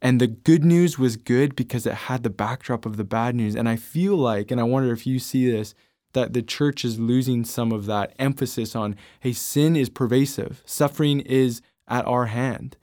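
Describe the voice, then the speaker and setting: A man hosting a faith podcast, telling stories earnestly in relaxed conversation. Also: medium pitch, normal speed, no echo, clean studio sound. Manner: earnest storytelling. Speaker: podcast host.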